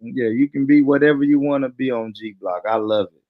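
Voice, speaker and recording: An American man co-hosting a livestream, loud and teasing, laughing often in casual banter. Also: mid-range voice, fairly quick, dry recording, narrow, tinny audio. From United States. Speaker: stream co-host.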